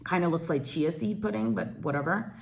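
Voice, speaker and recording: A woman in her thirties from the United States, telling a lively story to her viewers and acting out each person's lines. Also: lowish voice, fairly quick, vocal fry. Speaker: vlogger. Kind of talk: animated storytime.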